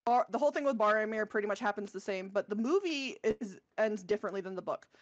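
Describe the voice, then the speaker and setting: A woman on a podcast walks through a fantasy story in a loose, rambling way, stopping often to correct herself. Her voice sits at an ordinary pitch. The sound is dry and a little dull. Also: animated, fast, dry recording. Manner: rambling, many fillers and self-corrections. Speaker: podcast co-host. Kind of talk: casual chat, retelling a book plot.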